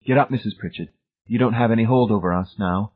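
A man's voice: on the low side, quick pace, breathy edge. A man voicing a prim, cold spinster. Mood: matter-of-fact. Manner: calm, matter-of-fact, quietly proud. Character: prim cold middle-aged spinster woman, controlling. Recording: tinny phone-like sound.

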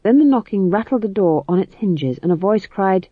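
A man narrating an audiobook in a wry, expressive way. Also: sits high, normal speed, dry recording, narrow, tinny audio.

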